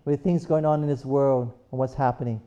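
Mellow-voiced preacher calling for amens. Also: medium pitch, steady tone, fairly quick, clear, resonant tone, muffled recording. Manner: repetitive, rhetorical, calls for amens. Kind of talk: sermon.

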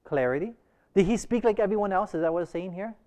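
A man's voice: high-pitched, very fast, dark tone. A man leading an interactive Bible class, asking the group many short questions. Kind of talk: interactive church class discussion.

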